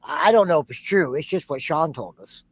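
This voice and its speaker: A man's voice: a little high, expressive, brisk, breathy edge. A man co-hosting a reaction show, giving incredulous, sarcastic commentary.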